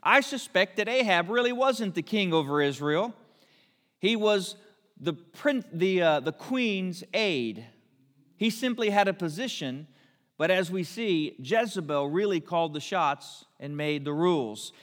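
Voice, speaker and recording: A man preaching a sermon, telling a Bible story with lively asides and briefly acting out the characters. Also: high voice, measured pace. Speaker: pastor. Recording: long hall reverb.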